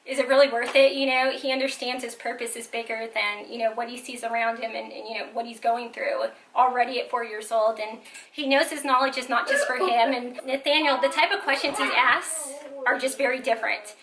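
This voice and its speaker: A woman's voice: on the high side, fairly even intonation, fairly quick, a bit bright, slight background noise, rough recording. A woman telling stories in a casual vlog, chatty and full of "like" and "you know". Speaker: parent vlogger.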